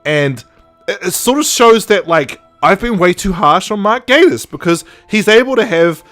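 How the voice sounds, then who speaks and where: Male podcast host, fairly high voice, casual recap, laughs a lot, faint music underneath. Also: moderate pace. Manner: animated, laughs often, mimics characters mid-story. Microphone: podcast microphone.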